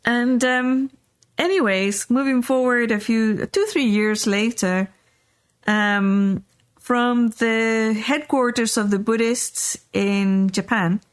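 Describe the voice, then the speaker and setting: A middle-aged woman with a fairly high, clean, steady voice speaks slowly as she hosts a podcast. She tells a personal story in a casual, meandering way, with frequent fillers and restarts.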